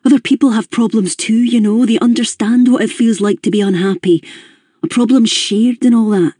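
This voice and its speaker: A man's voice: high-pitched, steady tone, moderate pace, dark tone, husky, no room sound, clean studio sound, voice pushed up. A reader voicing a worried young man who talks bluntly, swears when upset and sounds strained. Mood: pleading. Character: worried blunt male friend, young adult.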